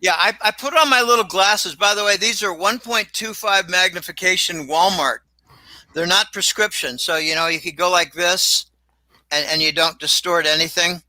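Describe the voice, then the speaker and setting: High-voiced bright older man rambling. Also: normal speed, no echo, rough recording. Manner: rambling storyteller, repeats words. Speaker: regular guest commentator. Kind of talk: casual chat on a livestream.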